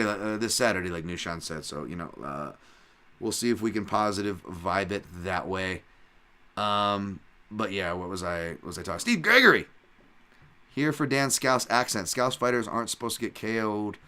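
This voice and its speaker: A man's voice: on the low side, bright, forceful tone. A man hosting a solo podcast, rambling in casual chat with lots of fillers and restarts and swearing freely. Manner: rambling, loose talk full of "like" and restarts. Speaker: podcast host and fight analyst.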